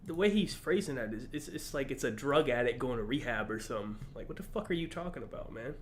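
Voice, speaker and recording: A male streamer talks in loose, casual commentary, blunt and quick to curse, often sounding incredulous. His pitch sits in an ordinary middle range. A faint hiss of noise runs under the voice. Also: animated.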